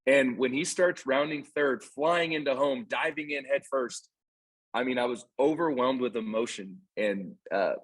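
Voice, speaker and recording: Man, husky, earnest storyteller, podcast co-host. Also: medium pitch, measured pace, rough recording. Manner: earnest, storytelling with emphatic repeats. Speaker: podcast co-host and youth baseball coach. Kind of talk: casual podcast chat.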